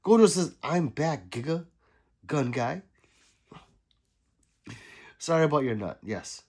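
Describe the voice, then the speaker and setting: Chatty man reading livestream chat, lively pitch. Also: normal speed, long pauses. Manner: reads viewer comments aloud, laughs, sarcastic asides. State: sick.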